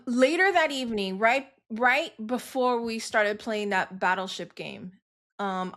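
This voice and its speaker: A woman's voice: fairly high pitch, a bit bright. A woman co-hosting a podcast, casually and candidly telling a family story and acting out the dialogue. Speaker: podcast co-host. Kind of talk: casual chat.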